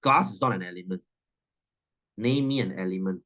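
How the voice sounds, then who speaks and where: A man's voice: deep voice, moderate pace, bright, forceful tone. A man, teaching a science class in a chatty, teasing way and laughing often. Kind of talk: classroom lesson.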